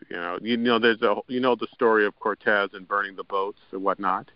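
A man hosting an interview, talking in a halting way with many fillers and short replies. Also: lowish voice, steady tone, no echo. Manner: halting, full of "you know" and backchannels. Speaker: podcast host. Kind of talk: interview conversation. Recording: dry, dull lo-fi audio.

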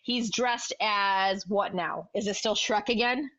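A woman co-hosting a casual podcast, telling an animated, comedic story and swearing freely. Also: medium pitch, slow, muffled recording. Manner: animated storytelling, swearing, puts on silly voices. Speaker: podcast co-host.

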